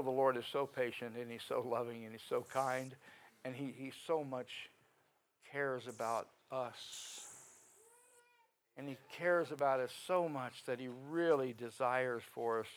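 A man preaching a sermon in a folksy, conversational way, swinging from quiet talk up to sudden loud rises. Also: medium pitch, low-quality recording.

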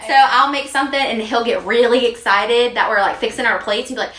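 A woman with a slightly high voice co-hosts a casual podcast. She tells her stories in an animated way and laughs often. The room around her sounds roomy and echoey. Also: a little fast. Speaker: podcast co-host. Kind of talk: casual chat. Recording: roomy echo.

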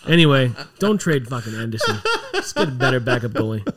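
A man's voice: mid-range voice, lively intonation, quick pace, a bit bright. A man hosting a casual podcast, cursing constantly and ranting between bursts of laughter. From Canada. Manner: profane, ranting, laughing often. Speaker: podcast host. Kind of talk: casual chat.

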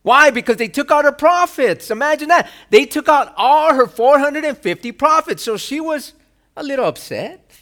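A male pastor preaching a sermon. He asks rhetorical questions and acts out quoted lines with sudden loud bursts. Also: very high-pitched, expressive, moderate pace.

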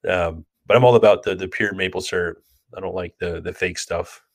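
A man co-hosting a podcast, telling stories in a relaxed, chatty way. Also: deep voice, a little fast. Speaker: podcast co-host. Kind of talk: casual storytelling chat.

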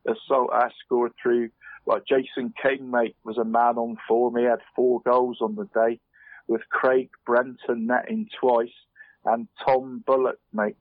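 A man on the radio giving a casual run-through of local football results, halting and restarting, saying "mate" at nearly every turn. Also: mid-range voice, level tone, no room sound. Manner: chatty, says "mate" constantly, halting restarts. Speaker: radio sports presenter. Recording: phone-line quality radio audio.

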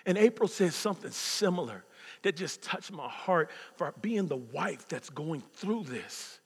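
A man in his fifties preaching a sermon as pastor, swinging from loud preaching to hushed near-whispers. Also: fairly high pitch, expressive, a little slow, breathy edge. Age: 50s. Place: church sanctuary. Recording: long hall reverb.

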